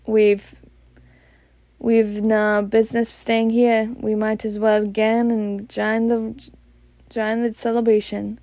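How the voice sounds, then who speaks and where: A woman reading as a calm old Scottish wizard. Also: a little high, no room sound. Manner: quiet, measured, gentle. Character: elderly male wizard, calm and wise.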